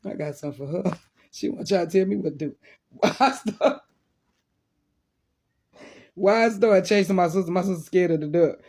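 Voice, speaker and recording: A woman with a husky, breathy voice telling a funny childhood story. She talks casually and animatedly, laughing along and acting out the sounds. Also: fairly low pitch, normal speed, long pauses, a little mellow.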